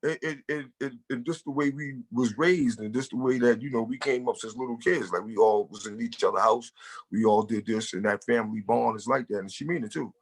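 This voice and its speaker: A hip-hop artist from the Bronx, with a New York accent, talks loosely and street-casually as a guest in a casual interview, leaning on "you know." His mid-range voice is creaky and runs a little fast.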